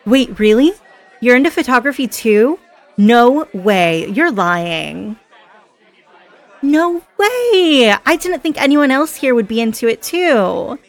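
A woman's voice: medium pitch, animated, measured pace, some chatter behind, lightly acted. A woman playing a chatty, giggly party girl. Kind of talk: scripted audio role-play.

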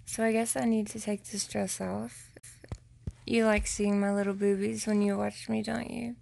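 A woman recording an intimate voice message to her partner, talking in a slow, teasing way that slips into whispers. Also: little pitch movement, vocal fry, mellow, slight background noise. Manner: slow, low-key and teasing, slipping into whispers.

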